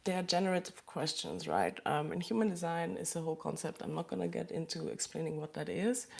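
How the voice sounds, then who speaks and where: A woman hosting a live stream from a small closed room, talking softly and haltingly with pauses and sighs. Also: on the low side, animated, creaky. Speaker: livestream host. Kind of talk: emotional live chat.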